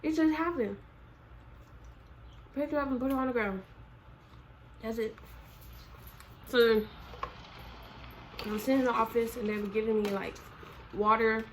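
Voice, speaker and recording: Woman storyteller vlogger, animated and slangy, somewhat high voice. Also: normal speed, long pauses, slight background noise, poor audio. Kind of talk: casual storytime.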